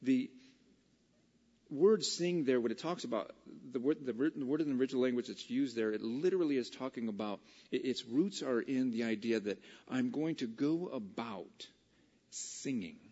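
A man preaching a casual, conversational Bible study sermon that builds to excited, emphatic peaks. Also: medium pitch, moderate pace, slightly rough, in a large hall, dull audio.

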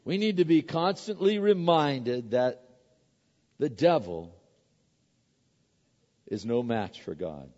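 Slow and animated, a pastor with a medium-pitched, darkish voice pauses often as he preaches. His sermon is emphatic and repetitive, built on rhetorical questions he answers in turn. It was captured in an echoey hall with dull, lo-fi sound.

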